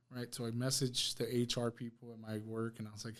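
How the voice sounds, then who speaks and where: A man telling a personal testimony on a podcast, halting and repeating words as he recounts what happened. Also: medium pitch, flat delivery, a bit bright. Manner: halting, repeats words, quotes others in plain voice. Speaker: guest sharing a personal testimony. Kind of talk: emotional personal storytelling. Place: podcast studio.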